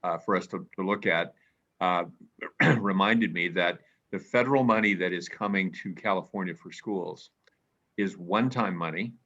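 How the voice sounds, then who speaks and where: Deep halting older man on a call. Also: bright, forceful tone, dull audio. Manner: halting, repeats words, clears throat. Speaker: panelist. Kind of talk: panel discussion comment.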